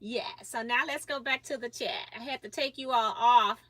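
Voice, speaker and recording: Woman livestream host, high bright voice, unhurried, chatty, laughs a lot. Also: steady tone, no echo. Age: grandmother age. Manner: chatty, laughs often, reads out viewer comments. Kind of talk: casual livestream chat while sewing.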